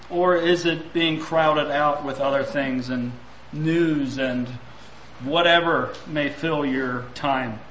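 A man's voice: on the high side, a bit bright, reverberant, a little hiss or hum, poor audio. A man preaching a sermon, reflective and full of rhetorical questions.

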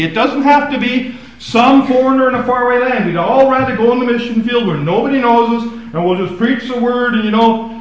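A male pastor preaching a sermon, swinging from loud emphasis to hushed, quiet asides. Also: very high voice, very echoey, low-quality recording.

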